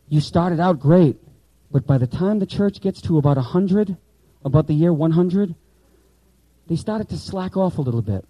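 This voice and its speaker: A man's voice: a little high, animated, unhurried, warm tone, breathy edge, no echo, poor audio. A man teaching the Bible to pastors in training, emphatic, repeating key words and quizzing the class while he writes on a board.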